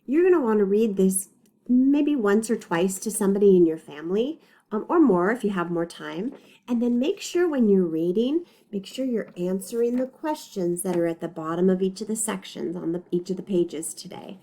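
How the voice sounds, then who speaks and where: A woman's voice: mid-range voice, expressive, normal speed, dark tone. A woman teacher giving a reading lesson to young children, patient and encouraging as she models words and praises the learner. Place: recorded lesson video.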